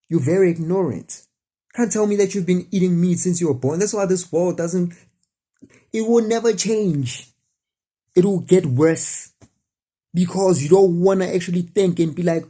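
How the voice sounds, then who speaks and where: Mellow husky rambling preacher. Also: medium pitch. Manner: rambling, repetitive, full of rhetorical questions. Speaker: spiritual speaker. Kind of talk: casual preaching to camera. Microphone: camera facing the speaker.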